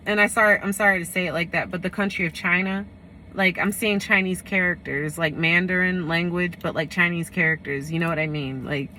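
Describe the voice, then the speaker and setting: A woman's voice: lowish voice, fairly even intonation, fairly quick, sharp tone, slight background noise. A woman giving a casual tarot reading, rambling and correcting herself as she talks. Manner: rambling, full of fillers and self-corrections. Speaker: tarot reader.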